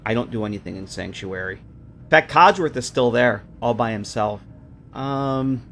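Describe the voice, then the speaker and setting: A man's voice: medium pitch, moderate pace, a bit bright, slight background noise. A man giving casual, joking commentary while streaming a game, often stumbling over his words.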